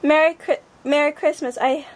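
A woman's voice: sits high, steady tone, moderate pace. A woman vlogger opening presents on camera and gushing over each one with repeated exclamations. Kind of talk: casual unboxing chat.

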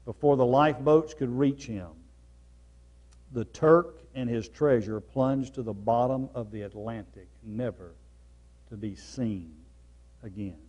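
A man preaching a sermon as pastor, repeating key phrases and swinging between loud, emphatic lines and soft, low ones. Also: a little slow, muffled recording.

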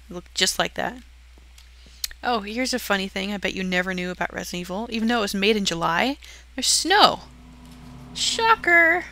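A young woman chats her way through a game build, giggling and poking fun at herself as she goes. Her voice is bright and a little tense, with a gravelly fry that creeps in at the ends of her phrases. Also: medium pitch. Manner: giggly, self-deprecating, chatty. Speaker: channel host touring her build. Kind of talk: casual game walkthrough commentary.

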